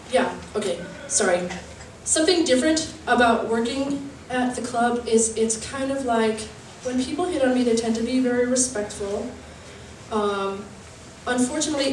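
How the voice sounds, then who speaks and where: A young woman doing a stand-up comedy set with a halting, chatty delivery full of fillers, often laughing at her own jokes. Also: on the high side, slight background noise. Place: comedy venue stage. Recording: roomy live-venue sound from a distance.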